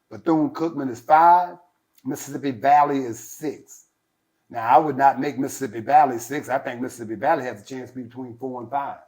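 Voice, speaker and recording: A man's voice: medium pitch, a little mellow. A male host of a sports podcast, reading out player lists in a casual, talky way with lots of fillers and opinionated asides.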